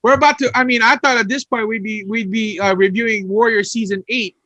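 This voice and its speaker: A man's voice: high-pitched, steady tone, fairly quick, pushed and bright, no echo. A man who teaches martial arts, guesting on a casual review podcast over a video call, teasing and repeating his phrases.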